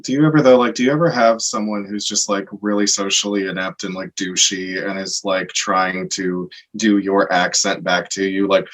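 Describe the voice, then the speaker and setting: A man's voice: deep voice, little pitch movement, moderate pace, hardly any pauses, fairly bright tone, poor audio. A man co-hosting a podcast in playful, teasing casual chat. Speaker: podcast co-host.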